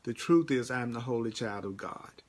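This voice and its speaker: Speaking at a normal speed with an expressive, medium-pitched voice, this man leads a spiritual teaching over a live stream. He replies to viewers' comments by name, hammering home his points and repeating key phrases again and again.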